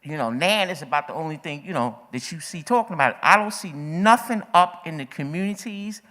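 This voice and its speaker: Low-voiced woman speaking with urgency. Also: animated, fairly quick, a bit bright. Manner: emphatic, repetitive, building to urgency. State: a little out of breath. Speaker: audience member speaking at a forum. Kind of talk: impassioned open-mic remarks. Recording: echoey hall.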